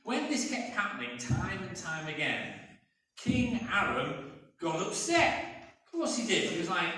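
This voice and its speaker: A man's voice: a little high, very animated, moderate pace, a bit bright. A man preaching a sermon as pastor, telling a story in a conversational way and acting out voices. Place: church, indoors. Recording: echoey church from a distance.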